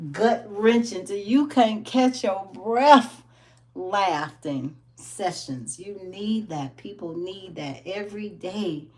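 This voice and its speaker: Animated woman telling lively wellness stories. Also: mid-range voice. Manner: animated storytelling, laughs often, acts out quotes. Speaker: wellness business owner. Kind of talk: casual motivational talk.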